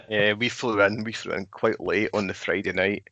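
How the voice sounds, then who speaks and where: A man's voice: fairly low pitch, steady tone, normal speed, pushed and bright, dry recording, dull audio. A man co-hosting a casual chat, telling stories and acting out what people said. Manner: storytelling, acts out quotes. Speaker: co-host.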